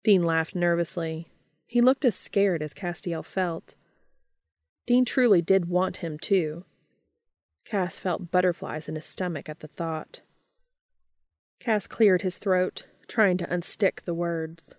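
Woman reading fanfic out loud, low voice, dry mic, calm. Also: measured pace, no room sound. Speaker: narrator. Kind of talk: fan fiction audiobook reading.

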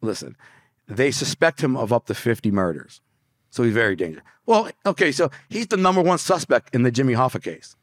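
Fast-talking brash storyteller man. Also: medium pitch, expressive, no room sound, clean studio sound. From Detroit, USA. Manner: brash street storytelling, acts out quoted dialogue, swears freely. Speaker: podcast guest. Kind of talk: storytelling interview.

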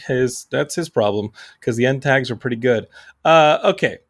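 Uomo eccitato che impreca spesso. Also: male voice, mid-range voice, moderate pace. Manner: excitable, swears freely. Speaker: podcast host. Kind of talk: casual movie review chat.

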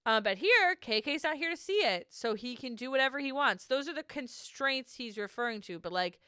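A woman's voice: high voice, expressive, normal speed, sharp tone, clean tone, no echo, clean studio sound. A young woman co-hosting a podcast, chatting casually through a reality show recap, laughing often and swearing freely. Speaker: podcast co-host.

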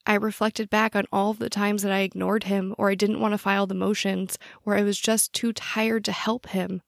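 A woman narrating a true-crime story in a measured, personal scripted style. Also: medium pitch, little pitch movement, creaky, no room sound, studio quality.

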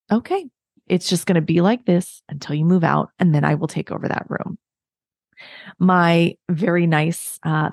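A woman's voice: lowish voice, vocal fry, a little mellow, no room sound, studio quality. A woman in her thirties hosting a podcast, giving candid, self-mocking, chatty advice to other parents. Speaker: podcast host. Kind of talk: casual solo advice talk.

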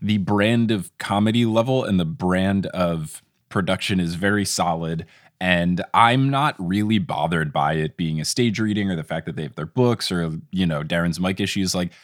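A man's voice: deep voice, normal speed, no echo. A man hosting a podcast, chatting casually and reading out thanks and plugs in an upbeat way, close to the mic. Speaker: podcast host.

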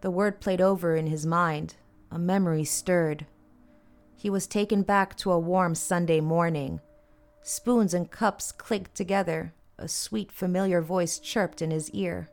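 Low-voiced woman narrating a dark story. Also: steady tone, a little slow. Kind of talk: audiobook horror narration.

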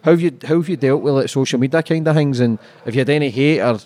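A man's voice: medium pitch, quick pace, a little mellow. A Scottish man with a Glasgow accent hosting a casual podcast, trading sweary banter and laughing a lot. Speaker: podcast host.

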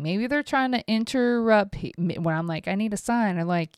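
A middle-aged woman hosting a podcast alone, rambling and self-mocking in casual talk, swearing freely, recorded on a close mic in a quiet room at home. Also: medium pitch, animated, brisk, few pauses, smooth, dry recording. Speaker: podcast host. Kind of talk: casual solo podcast monologue.

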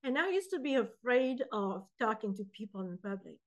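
Animated woman. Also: on the high side, normal speed, poor audio. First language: French. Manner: animated, acts out quoted voices. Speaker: guest poet and author. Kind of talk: casual interview chat.

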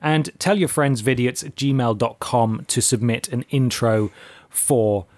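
Sweary podcast host, dry sound. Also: male voice, mid-range voice, a little slow, dry recording. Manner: relaxed, sweary, reads out plugs. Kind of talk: casual podcast chat.

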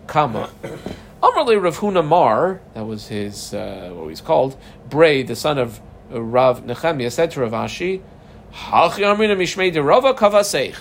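A man giving a casual, lively Talmud lesson, mixing Hebrew terms into conversational English. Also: on the high side, moderate pace, gravelly, slight background noise. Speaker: Talmud teacher.

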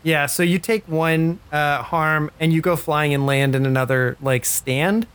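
A game master narrates a tabletop game in a loose, rambling way. The voice sits at a middle pitch and is full of filler words. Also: steady tone, a little slow, clean tone.

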